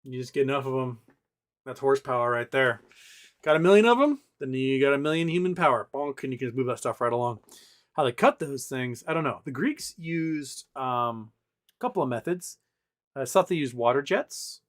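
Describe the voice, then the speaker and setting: A man's voice: mid-range voice, normal speed, a bit bright. A man hosting a casual livestream, rambling with lots of fillers and restarts as he reads out viewer chat. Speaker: livestream host.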